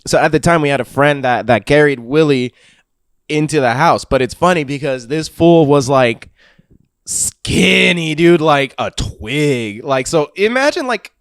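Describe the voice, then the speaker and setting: A young man on a podcast spins a wild party story, swearing freely and laughing as he talks. His voice sits a touch high, and the sound is close and dry with no room ring at all. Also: a little slow, clear, resonant tone, no room sound. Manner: profane, animated, laughing through the story. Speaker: podcast host. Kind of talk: casual storytelling chat.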